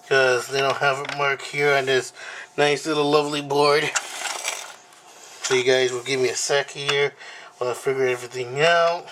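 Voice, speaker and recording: A man hosting a casual unboxing vlog at home, talking in a rambling, halting way with many fillers and apologies, recorded on the camera mic. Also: mid-range voice, background noise. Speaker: video host.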